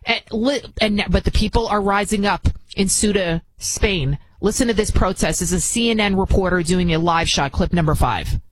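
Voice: medium pitch, normal speed, few pauses, a little hiss or hum, rough recording. A commentary show host talking in an indignant, rambling way with many restarts. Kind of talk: opinion commentary.

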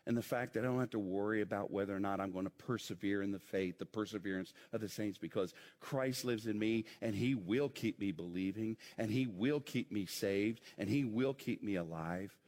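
A middle-aged man preaching a sermon as pastor, swinging between loud emphasis and quiet intensity. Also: on the low side, brisk, few pauses. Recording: long hall reverb.

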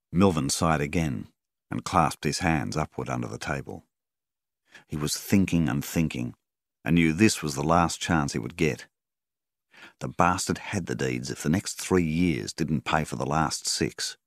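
A man narrating a story in a measured, steady reading style. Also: rumbling low, no echo, clean studio sound. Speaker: audiobook narrator. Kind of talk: scripted narration.

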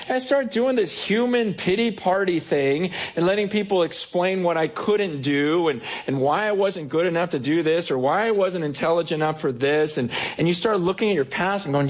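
A male pastor delivers a sermon in a husky, somewhat high-pitched voice. He talks animatedly, stumbling into quick restarts and acting out his own inner dialogue. The tone stays conversational and personal. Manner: animated, breaks into acted self-talk and laughs.

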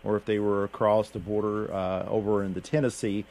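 A man's voice: fairly low pitch, little pitch movement, a little mellow. Folksy mountain man on radio. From Appalachian Kentucky. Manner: unhurried, folksy, many fillers and restarts. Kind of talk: casual radio chat.

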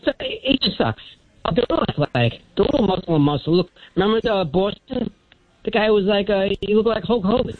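A man's voice: high-pitched, animated, a little fast, no echo. Older man with a thin helium voice. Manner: rambling, jumps between topics. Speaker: caller. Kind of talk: rambling call-in sports talk. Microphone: phone. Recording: muffled phone-line call.

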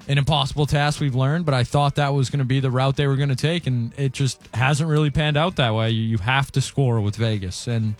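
A man co-hosting a sports talk show, opinionated and steady as he breaks down the games. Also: medium pitch.

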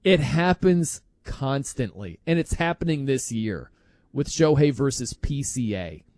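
A man's voice: medium pitch, animated, measured pace, darkish tone, no echo. A man hosting a sports talk show, arguing emphatically with incredulous outbursts and frequent laughs. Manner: emphatic, incredulous, laughs often, mimics others. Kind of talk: animated sports talk monologue.

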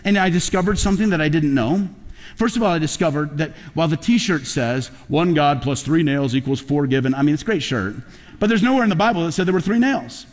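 A male pastor preaches with a fairly high voice, moving between easy storytelling and emphatic, drawn-out peaks. His sermon rings with a long hall reverb, as in a church sanctuary. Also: expressive.

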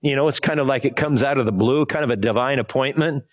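A man's voice: mid-range voice, quick pace. A man from Hawaii giving an informal sermon, telling a personal story in a rambling, conversational way and asking the congregation to help him find words. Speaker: pastor.

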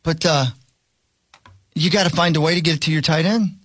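A man's voice: fairly high pitch, fairly even intonation, fairly quick, fairly bright tone, slightly rough, no echo. A man hosting a sports talk show, chatting in a folksy, rambling, plain-spoken way. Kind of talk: casual sports chat.

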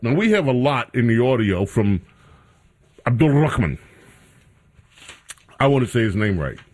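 A man hosting a talk radio show, mocking and repeating a name with exaggerated care. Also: medium pitch.

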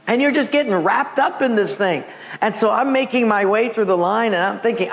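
A man preaching a sermon as pastor, telling stories with lively acted-out voices. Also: high-pitched, a little fast. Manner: animated storytelling, acting out voices.

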